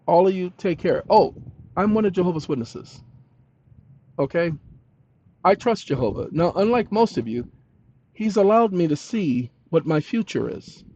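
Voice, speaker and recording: Lively high-voiced man rambling to his viewers. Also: a little hiss or hum. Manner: rambling, talks to viewers, breaks into song. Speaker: channel host. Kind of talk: casual vlog monologue. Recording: dull lo-fi dry sound.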